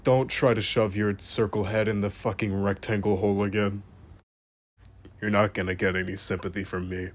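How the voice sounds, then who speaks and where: A man giving mock-serious comedic commentary, grading pictures of animals in a deadpan way and swearing casually as he talks straight to them. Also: lowish voice, moderate pace. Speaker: host reviewing animal pictures.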